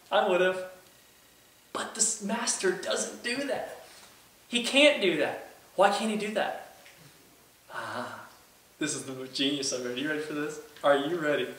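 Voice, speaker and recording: Young male preacher, bright and lively, recorded from a distance in an echoey hall. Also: fairly high pitch. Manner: lively, asks the audience questions, acts out quoted characters. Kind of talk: sermon. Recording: echoey room, voice from far off, faint ambient noise.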